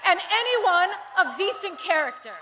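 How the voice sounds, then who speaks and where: A woman from the United States giving an impassioned political rally speech at a large venue, shifting from soft and earnest to shouting to the crowd. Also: very high-pitched, sing-song, moderate pace. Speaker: rally speaker. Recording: loud crowd noise from a live rally. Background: cheering crowd.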